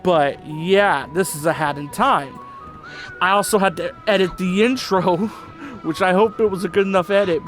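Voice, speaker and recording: Man, casual gaming commentary, rambling and chatty, slightly high voice, faint music behind. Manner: rambling, chatty, laughs often. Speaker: gaming channel host. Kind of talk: casual let's-play commentary. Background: faint game music.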